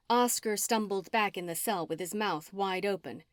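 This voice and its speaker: A woman narrating a first-person audiobook with an expressive, dramatic reading. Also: mid-range voice, normal speed, few pauses, no room sound, studio quality.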